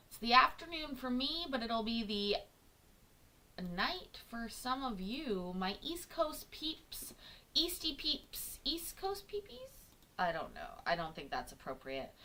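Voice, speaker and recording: A woman chats to her live viewers from a home kitchen, her voice high and bright. She jokes, teases herself and swears freely, but she talks slowly and takes her time. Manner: chatty, jokey and self-teasing, swears freely. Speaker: livestream host reacting to court videos. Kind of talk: casual chat to a live audience.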